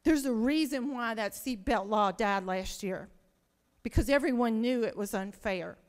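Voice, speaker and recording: A woman's voice: a little high, a little slow. Impassioned woman senator, echoing chamber. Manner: emotional, pleading, rhetorical questions. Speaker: state senator. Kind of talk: impassioned floor speech. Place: large legislative chamber. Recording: long reverb of a large chamber.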